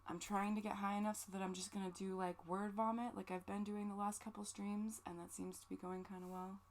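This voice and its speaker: A woman's voice: medium pitch, flat delivery, fairly quick, slight background noise. A woman livestreamer chatting casually, rambling and joking with some swearing, emotional and close to tears. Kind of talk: casual stream chat.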